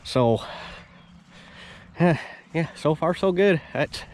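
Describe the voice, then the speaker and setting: A man's voice: fairly high pitch, expressive, slow pace, darkish tone, slight background noise. A man with a stuffy, nasal voice, rambling in an upbeat way as he talks through a farm vlog outdoors by a field. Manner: rambling, upbeat, restarts often. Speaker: farm vlogger. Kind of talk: casual vlog commentary.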